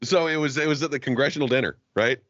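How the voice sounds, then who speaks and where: A man co-hosting a podcast in casual chat, animated and profane, laughing often. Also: medium pitch, quick pace, no echo, dull audio. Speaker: podcast co-host.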